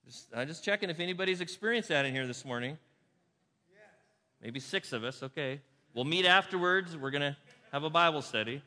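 Male pastor, sermon, emphatic loud-to-hushed delivery, bright edge, reverberant hall. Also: on the high side, expressive, a little fast. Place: church sanctuary.

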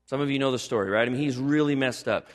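An older man, a pastor, preaching a sermon with animated storytelling that builds to emphatic exhortation. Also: mid-range voice, fast, long reverb tail.

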